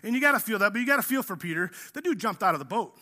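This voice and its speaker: A male pastor preaching a sermon in a casual, energetic way, acting out the story as he tells it. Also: sits high, racing. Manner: energetic, casual preaching, says "man" often; acts out the story.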